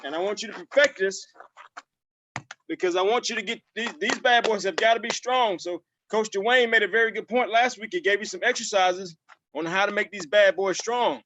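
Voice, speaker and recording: A man coaching football players in a virtual session, energetic and repetitive. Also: high-pitched, moderate pace, slight background noise, rough recording.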